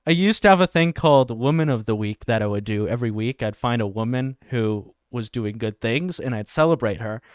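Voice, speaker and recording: A man's voice: medium pitch, clean tone, no room sound, studio quality. A man hosting a satirical livestream, reading chat and video descriptions aloud with crude jokes and frequent laughter. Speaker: livestream host.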